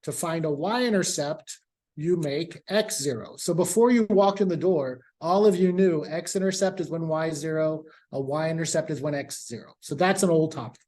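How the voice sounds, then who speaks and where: A man's voice: a little high, moderate pace, a little mellow. Casual male math professor lecturing. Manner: casual, repeats key points, speaks to students directly. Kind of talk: classroom lecture.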